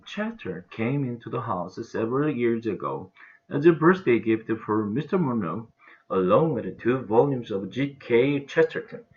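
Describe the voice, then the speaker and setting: An English teacher with a Korean accent reads a children's novel aloud, expressive and animated, in a mid-range voice at a moderate pace. The recording is dull and lo-fi.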